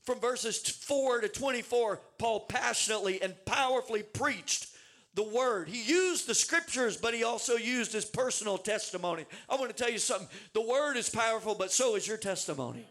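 A man preaching a sermon in a very high, bright voice. He is animated and emphatic, with big dramatic swings, and he doubles words as he builds momentum. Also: moderate pace.

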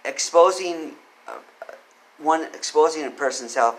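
A man's voice: medium pitch, normal speed, a bit bright, rough recording. A man reading out legal code and giving his opinions, often putting questions to the listener. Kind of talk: solo commentary with read-out legal text.

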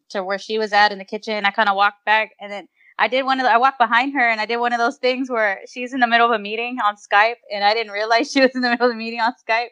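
A woman's voice: fairly high pitch, fairly bright tone, highs cut off. A woman co-hosting a podcast, telling funny stories in casual chat and laughing often. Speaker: podcast co-host.

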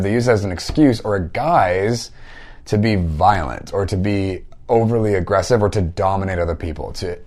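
A man's voice: medium pitch, darkish tone. A man mentoring listeners in a casual teaching talk, conversational, often tagging thoughts with "like" and "right?". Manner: conversational, frequent "like" and "right?" tags.

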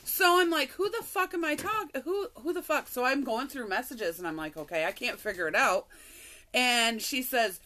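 A woman co-hosting a podcast, telling a story in a casual, animated way, swearing and laughing often. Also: a little high, moderate pace. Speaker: podcast co-host.

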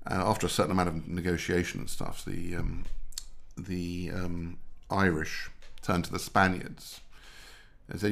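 A man's voice: sits low, little pitch movement, a little slow, gravelly, a bit bright. A man in his sixties chatting as a guest, telling rambling anecdotes. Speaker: guest, mergers and acquisitions adviser. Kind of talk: casual chat.

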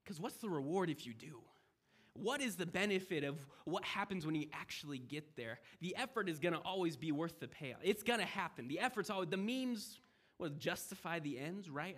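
A young man with a high voice delivers a sermon in a lively, conversational way. He swings from loud, emphatic lines to quiet, hushed asides. He acts out the voices of people in the story as he goes. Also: fairly quick. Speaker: preacher.

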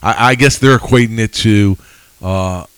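Deep-voiced man in earnest chat. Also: normal speed, a bit bright, clean tone, no room sound, low-quality recording. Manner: earnest, personal storytelling with frequent restarts. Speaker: podcast co-host. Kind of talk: casual Bible study chat.

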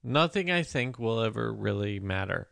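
Gravelly, dry-voiced man joking on a podcast. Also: on the low side, expressive, normal speed, a bit bright, dry recording. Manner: joking, rambling, swearing. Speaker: podcast host. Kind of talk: casual podcast chat.

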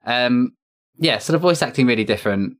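A man's voice: medium pitch, animated, fairly quick. A man hosting a casual podcast chat, reading off facts with lots of fillers. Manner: chatty, lists facts with many fillers. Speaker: podcast host.

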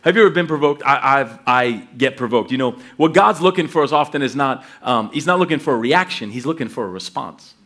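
A middle-aged pastor preaching, reading scripture and telling lively personal stories, acting out voices and laughing as he goes. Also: medium pitch, a little fast, hardly any pauses. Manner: animated storytelling, acts out voices, laughs often.

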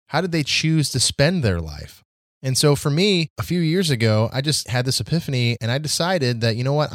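A man's voice: mid-range voice, no echo, studio quality. A man hosting a devotional podcast, speaking in an earnest, encouraging way. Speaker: podcast host.

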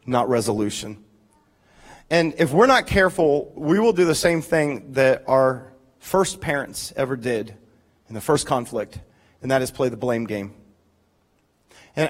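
A man in his forties preaching a sermon, telling animated, joking stories about his own marriage with frequent restarts. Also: medium pitch. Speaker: pastor.

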